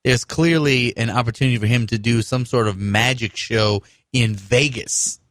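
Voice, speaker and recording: A man co-hosting a radio show, bantering in a relaxed, joking way. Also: medium pitch, moderate pace, dry recording. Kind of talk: casual political chat.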